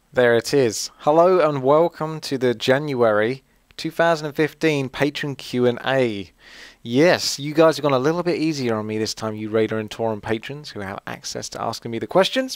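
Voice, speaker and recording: A man's voice: medium pitch, animated, normal speed, dry recording. A man from Essex, England hosting his channel, answering viewer questions in a rambling, friendly chat full of fillers and asides. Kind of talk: casual chat.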